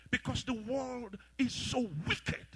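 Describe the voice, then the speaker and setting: A pastor preaching a sermon. He leads the congregation in call-and-response prayer, tells stories in animated voices and rises to loud shouts. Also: very high-pitched, slow pace, slightly rough, dry recording. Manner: animated storytelling with voiced characters.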